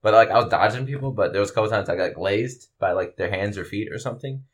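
A man's voice: lowish voice, quick pace. A man co-hosting a casual podcast, telling stories in a laid-back way, laughing often and filling with "like". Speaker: podcast co-host, BJJ referee. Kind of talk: casual chat.

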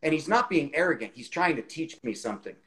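A man's voice: on the high side, animated, quick pace, a bit bright, poor audio. A man in his forties, the guest, telling a career story in a chatty way over a video call, with lots of "you know" fillers.

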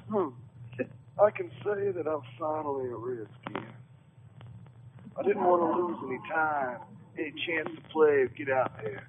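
A man's voice: on the high side, lively intonation, a little slow, long pauses, a little hiss or hum, voice pushed up. A man imitating a young male professional football tight end, in a plain voice he admits is a guess, heard over a phone-like line. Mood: earnest.

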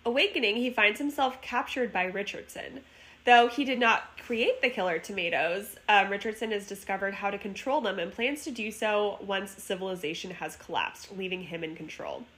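A woman's voice: mid-range voice, normal speed, fairly bright tone. Woman, podcast co-host, casual film recap, laughs a lot. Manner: giggly, reads plot summary between laughs. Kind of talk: casual movie recap chat.

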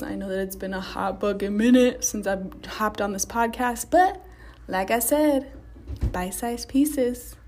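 A woman's voice: medium pitch, darkish tone. A young woman talks straight to her listeners in a solo podcast, swearing freely as she pushes them to take charge. Her delivery is blunt and direct, like a friend giving tough-love advice. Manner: blunt, profane, pep-talk delivery. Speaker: podcast host. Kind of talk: motivational solo podcast monologue.

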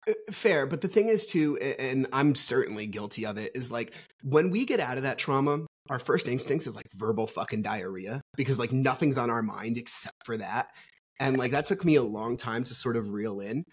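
A man's voice: mid-range voice, lively intonation, moderate pace, slightly rough. A man guest on a podcast, talking casually and bluntly with plenty of swearing, telling his story candidly. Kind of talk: casual conversational interview.

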